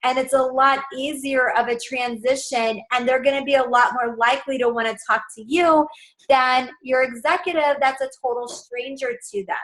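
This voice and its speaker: A woman's voice: high-pitched, steady tone, moderate pace, a bit bright, low-quality recording. A young adult woman coaching her sales team in a casual, upbeat, direct way.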